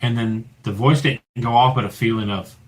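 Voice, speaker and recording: A man telling a ghost story in a casual chat, swearing freely and dropping to a low hush for the tense moments. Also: a little fast, low-quality recording. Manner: profane, animated storyteller who drops to a low hush for the tense parts. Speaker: paranormal investigator guest.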